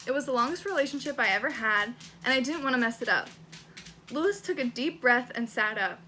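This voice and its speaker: A woman's voice: on the high side, a little fast, bright, forceful tone, a little hiss or hum. A young woman vlogging casually, reading her old teenage writing aloud, swearing freely and laughing at herself. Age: young adult.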